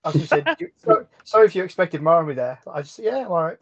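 A man's voice: on the high side, very animated, fast, muffled recording, crowd noise. A man from Northern England with a Northern English accent, a guest on a casual podcast, talking in dry, self-deprecating banter.

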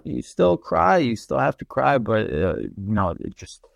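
This man's voice is medium-pitched and creaky, very animated yet measured in pace, captured in a dry recording. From Russia with a New York accent, he's a podcast guest earnestly telling an emotional personal story in casual talk, stumbling through many fillers and restarts.

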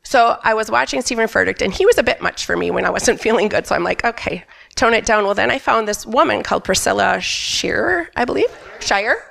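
A woman's voice: medium pitch, animated, quick pace, gravelly, a bit bright. A middle-aged woman telling a candid, emphatic personal testimony on a church stage. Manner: candid, emphatic storyteller who quotes herself. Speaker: church member giving a testimony.

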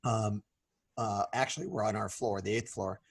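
A man's voice: lowish voice, normal speed, husky. A middle-aged man co-hosting a podcast, telling a story in casual chat and acting out the people in it. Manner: animated, acts out quoted voices. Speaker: podcast co-host.

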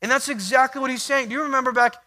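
A man preaching a sermon, swinging between quiet stretches and loud emphatic bursts, acting out little dialogues. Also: extremely high pitch, steady tone, very fast. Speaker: pastor.

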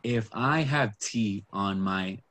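Guy with a lowish voice, chatty and rambly, lots of likes and um. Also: takes it slowly, fairly bright tone. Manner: chatty, rambling, lots of fillers and quoted asides. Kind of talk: casual chat about reality TV.

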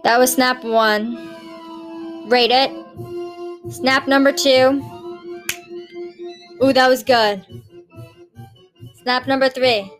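A woman's voice: sits high, steady tone, very slow, long pauses, over music. A young woman chatting casually to her viewers, rambling and swearing with giggles. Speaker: vlogger. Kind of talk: casual chat.

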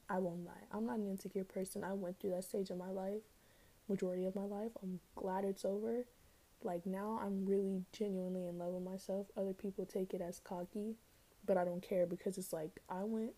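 A woman's voice: mid-range voice, warm tone. A young woman hosting her own podcast, chatting casually and rambling with lots of slang and "like". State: out of breath. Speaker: podcast host. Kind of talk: casual solo podcast chat.

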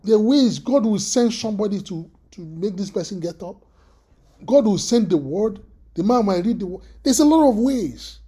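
A preacher delivers a sermon in a mellow, husky voice. The delivery halts and doubles back on words, with frequent throat-clearing and questions tossed to the listeners. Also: mid-range voice, expressive. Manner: halting, repeats words, asks the listeners questions.

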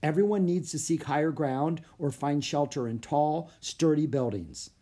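A reader voicing an earnest, anxious young boy in a storybook reading, yelling warnings. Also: medium pitch, normal speed, natural voice.

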